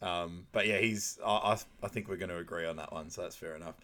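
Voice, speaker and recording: A man's voice: low voice, fairly even intonation, fast talker, bright, forceful tone. A man co-hosting a podcast, retelling film scenes in casual chat with quoted lines and frequent laughs. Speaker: podcast co-host.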